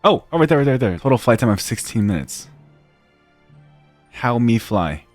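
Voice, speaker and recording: A young man giving casual gameplay commentary, talking to himself, muttering quietly at times and breaking into loud excited shouts. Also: mid-range voice, racing, soft background music. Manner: drops to near-whispered mutters while working. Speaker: gaming YouTuber.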